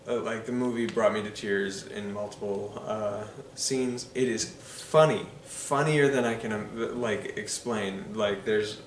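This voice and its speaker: A man's voice: fairly low pitch, a little slow, few pauses, echoey room, recorded from a distance, a little hiss or hum. A man giving enthusiastic, casual movie commentary, full of ums and uhs. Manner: enthusiastic, filler-heavy with frequent ums and uhs. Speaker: film reviewer.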